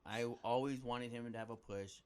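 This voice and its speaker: A man's voice: medium pitch, fairly even intonation, moderate pace, clean tone. A man co-hosting a podcast, chatting casually and enthusiastically and calling his friend "dude". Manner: laid-back enthusiastic, says "dude" often. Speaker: podcast co-host. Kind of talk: casual chat.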